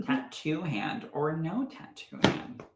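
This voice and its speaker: A man's voice: a little high, animated, takes it slowly, roomy sound, heavy background noise. A man hosting a live spiritual medium broadcast, reading viewer comments in a gushing, affectionate manner and calling people "my love.".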